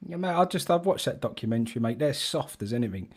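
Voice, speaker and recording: A man's voice: mid-range voice, animated, fast, noisy background. A man co-hosts a casual fan live stream. He talks bluntly, swears, and drops "mate" into almost every line. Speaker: fan show co-host. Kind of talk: casual football fan chat.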